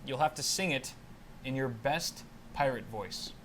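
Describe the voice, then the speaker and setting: A man co-hosting a live hardware show, playful with dry quips and quick laughs. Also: mid-range voice, fairly bright tone, slight background noise. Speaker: co-host. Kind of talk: casual live-stream banter.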